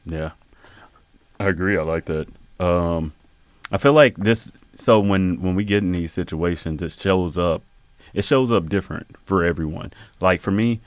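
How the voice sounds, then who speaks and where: Deep-voiced man leading a podcast chat. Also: normal speed, no echo. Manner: guides the talk, asks the others questions, easy laughs. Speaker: podcast host.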